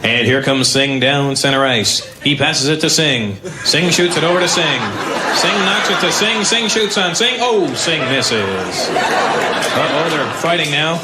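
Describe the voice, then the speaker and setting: Comedian over a roaring crowd. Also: male voice, a little high, animated, measured pace, very noisy. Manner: mock sports commentary delivery. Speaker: stand-up comedian. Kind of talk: stand-up routine. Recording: roomy live recording with loud crowd.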